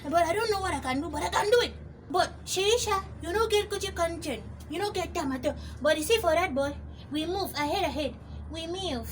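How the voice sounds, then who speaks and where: Very high-voiced Nigerian comedian woman. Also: a little fast, a little hiss or hum. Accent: Nigerian Pidgin English. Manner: animated, laughing, switching between English and Pidgin. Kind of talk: comic commentary.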